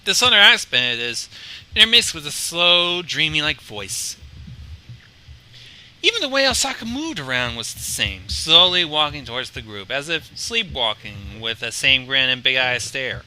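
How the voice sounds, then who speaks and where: A man reading his own fan story aloud on a livestream, animated, with stumbles and restarts. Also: mid-range voice, normal speed, clear, resonant tone, rough recording. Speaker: fan fiction reader and stream host.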